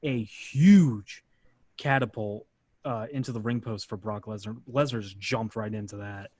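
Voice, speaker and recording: A man's voice: on the low side, a little slow, no room sound. A man hosting a podcast, casually narrating a match play by play with lots of "uh" fillers. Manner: relaxed, filler-heavy narration. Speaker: podcast host.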